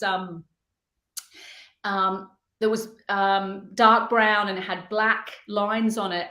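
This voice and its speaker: Middle-aged female interview guest from the UK; reflective, searching delivery, higher register, reverberant room. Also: a bit bright. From United Kingdom. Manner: earnest, reflective, halting as she searches for words. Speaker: guest artist. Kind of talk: personal storytelling interview. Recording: echoey room.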